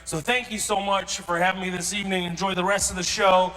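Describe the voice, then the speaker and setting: A man from Kuwait performing a stand-up comedy set to a live audience, animated and quick to switch into character voices. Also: sits high, rough recording. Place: event hall with live audience.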